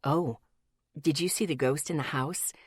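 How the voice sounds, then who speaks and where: Woman voicing Miles, a calm, soft-spoken young man. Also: low voice, moderate pace, breathy edge, no echo, studio quality, voice pushed down. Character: calm, steady young man who avoids cursing.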